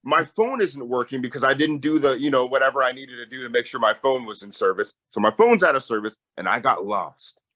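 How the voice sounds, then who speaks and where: A young man, a peace campaigner, telling a story in a lively conversational way. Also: medium pitch, a little fast, few pauses, rough recording. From Tacoma, Washington. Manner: animated storyteller, voice jumps up when excited.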